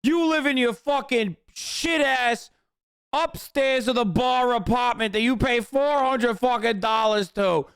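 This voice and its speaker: A man's voice: very high voice, a little slow, a bit bright, clear, resonant tone, pitched above the performer's own voice, exaggerated voice. A man voicing a bitter, profane man who sneers and rants that the house is his alone. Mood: indignant. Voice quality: indignant, sneering ranting.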